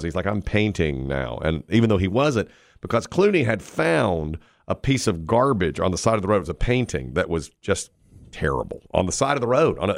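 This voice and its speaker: Gravelly low-voiced male host. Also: no echo, clean studio sound. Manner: chatty, laughing, retelling stories. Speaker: radio show host. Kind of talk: casual chat.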